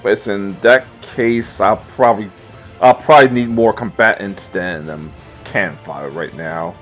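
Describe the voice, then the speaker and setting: A man's voice: lowish voice, unhurried, fairly bright tone, soft background music. A man playing a tabletop game, talking in a casual, hesitant and stammering way. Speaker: player.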